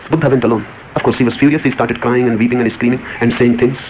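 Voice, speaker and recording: A man's voice: medium pitch, fairly even intonation, fast talker, darkish tone, a little hiss or hum, rough recording. A man giving a spiritual discourse as a teacher, telling a story and answering questions with repeated, emphatic phrases.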